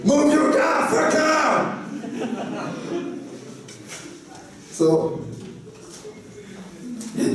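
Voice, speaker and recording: A man's voice: mid-range voice, dark tone, slight background noise. A French man with a French accent giving a casual, joking talk to an audience, mixing French words into his English and laughing often. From France. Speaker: convention panelist. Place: convention hall. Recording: echoey hall, voice from far off.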